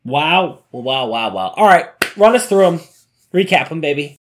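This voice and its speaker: A man's voice: a little high, animated, moderate pace, a bit bright, slight background noise. A man co-hosting a casual podcast, reacting with enthusiastic exclamations and running the sign-off. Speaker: podcast co-host.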